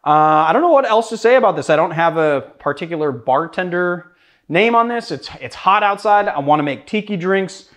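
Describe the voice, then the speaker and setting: A man's voice: high-pitched, expressive, normal speed, a bit bright. A young man from Boston hosting a casual cocktail tutorial, chatty and joking about himself as he works. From Boston, USA. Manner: chatty, joking, self-deprecating. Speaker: cocktail show host.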